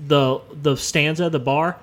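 A young man casually pitching a comedy scenario on a podcast, with hesitant ums and chuckles. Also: steady tone, unhurried. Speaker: podcast co-host.

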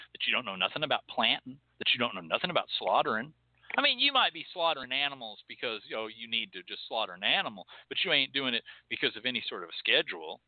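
A man's voice: medium pitch, dry recording. Angry man ranting over a phone-like line. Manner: heated, profane, scolding. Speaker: host of a hoodoo and rootwork show. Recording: tinny phone-like line, dry.

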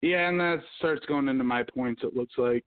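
A man's voice: medium pitch, moderate pace, dry recording. A man hosting a casual livestream podcast, ranting and swearing as he reads the news and the comments. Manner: profane, ranting, hums to himself. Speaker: podcast host. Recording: tinny phone-like sound.

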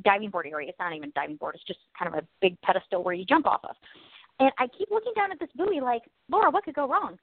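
A high-pitched woman spins a lively faith-based comedy story, laughing as she goes. The sound is tinny and phone-like, with a dry, close feel. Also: no echo. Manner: animated storyteller, laughs often. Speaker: podcast co-host.

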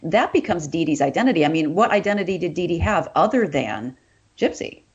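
A woman, a forensic psychologist, explains a point on a podcast while thinking aloud. Her voice sits low for a woman but moves a lot. The audio is slightly dull. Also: sing-song, fairly quick, a little mellow, breathy edge. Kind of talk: casual interview conversation.

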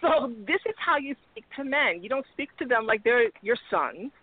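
A woman's voice: a little high, lively intonation, normal speed, husky, dry recording. Confident woman lecturing, phone-like sound. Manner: confident, instructive, lecturing women on men. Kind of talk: casual podcast chat. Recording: tinny phone-like audio.

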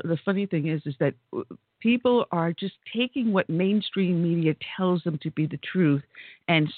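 A woman's voice: deep voice, no echo. A woman hosting a conservative talk radio show, chatty and telling stories with exclamations. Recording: tinny phone-like line.

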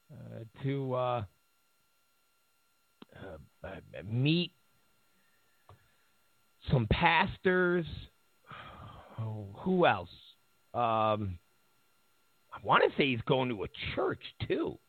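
A man's voice: mid-range voice, sing-song, very slow, long pauses, dry recording. A man hosting casual political commentary who mocks his opponents, repeats his points and laughs at his own remarks. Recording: tinny phone-like audio.

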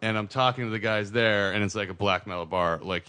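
A man's voice: on the low side, fairly quick, smooth. A man in casual podcast chat who tells his stories with real energy. He slips into the voices of the people he met and keeps the talk moving and loose. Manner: animated storyteller, acts out quoted voices. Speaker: podcast co-host.

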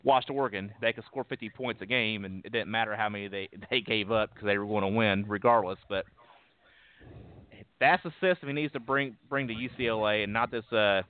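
A man hosting sports talk, with a lowish voice and a stumbling, restarting way of getting his points out. The sound is thin and phone-like, dry and close. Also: brisk, clean tone. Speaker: sports talk show host. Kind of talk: casual sports radio talk.

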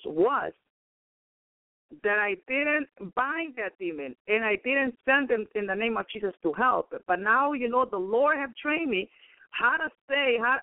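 A man's voice: very high-pitched, no room sound. A man preaching on a radio program, telling his story in a rambling way, with frequent cries of praise and calls to his brothers and sisters. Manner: rambling, peppered with praise interjections. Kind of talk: radio sermon testimony. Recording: tinny phone-like radio line.

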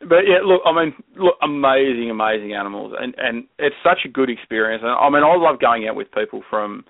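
A man's voice: mid-range voice, expressive, fairly quick, no room sound. An Australian man, a guest on a podcast, chatting casually and enthusiastically, rambling with many restarts and frequent laughs. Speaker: guest herpetologist. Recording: tinny phone-like call audio.

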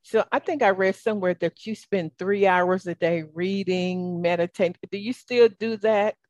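A woman's voice: medium pitch, normal speed, no echo, highs cut off. A woman with a Southern US accent hosting an interview, affirming her guest with faith-tinged phrasing. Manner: warm, affirming, churchy phrasing. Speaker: podcast host.

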